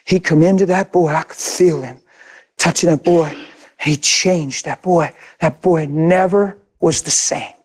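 A man's voice: fairly high pitch, unhurried, a little mellow. An older man preaching a sermon, telling a story with emphatic, intense repetition. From grew up in a city. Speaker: pastor.

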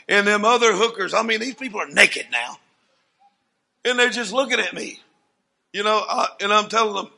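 A man preaching a sermon as a dramatic story, swinging from hushed asides to loud declarations. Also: sits high, normal speed, vocal fry.

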